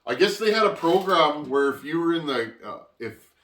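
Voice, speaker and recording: A man's voice: fairly high pitch, expressive, moderate pace, fairly bright tone, echoey room, recorded from a distance. A Canadian man hosting a chainsaw channel, chatting casually to viewers as friends while he opens packages, with rambling restarts. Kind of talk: casual vlog, opening mail.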